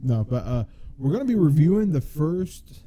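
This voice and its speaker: A man's voice: a little high, big pitch swings, normal speed, warm tone, a little hiss or hum. A young man from the United States co-hosting a casual podcast, joking and laughing often. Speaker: podcast co-host. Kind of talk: casual chat.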